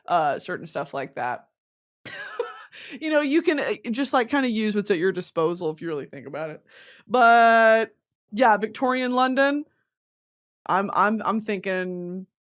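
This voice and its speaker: A young woman from the American South talks into her vlog in a loose, giggly ramble full of slang and swearing. Her pitch swoops up and down all the time. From Southern United States. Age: 20s. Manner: animated, giggly, slangy and profane. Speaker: vlogger. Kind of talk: casual rambling monologue.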